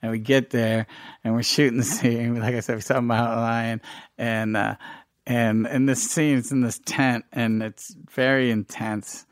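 A middle-aged man telling stories in a casual interview, animated, laughing often and acting out what people said. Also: mid-range voice, moderate pace, dry recording, clean studio sound. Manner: animated storyteller, laughs often, acts out quotes. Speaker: filmmaker guest.

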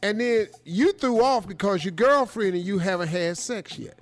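A man hosting a radio advice show, reading a listener letter with animated, joking, slangy commentary. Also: sits high, normal speed, soft background music. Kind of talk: comic advice talk.

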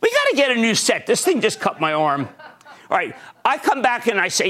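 Older man, market show host, animated stock commentary, lively voice, loud outbursts then low asides. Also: fairly quick. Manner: excitable, theatrical, swings from shouts to low asides.

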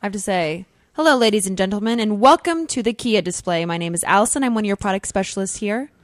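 A woman co-hosting a casual live studio chat, soft-spoken and modest, a little away from the microphone. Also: medium pitch, animated, quick pace, no echo. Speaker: co-host.

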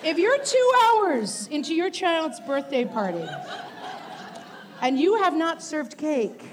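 A woman's voice: high voice, very animated, slow, a crowd in the background. A woman co-hosting a comedy podcast live on stage, emphatic and exasperated, laughing often. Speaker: podcast co-host. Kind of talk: comedic live show banter. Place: theater stage before a live audience. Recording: live stage recording with audience noise.

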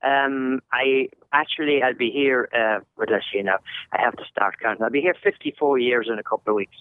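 A man's voice: medium pitch, fairly quick, dry recording. An older man with an Irish accent, a soccer commentator telling jokey stories as a podcast guest. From Ireland. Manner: jokey storyteller. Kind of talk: casual podcast interview. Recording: dry, tinny phone-like line.

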